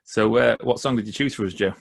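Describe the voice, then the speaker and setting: A man's voice: on the low side, fast, creaky. A man hosting a podcast, asking long rambling questions with lots of fillers. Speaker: podcast host. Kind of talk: casual interview chat.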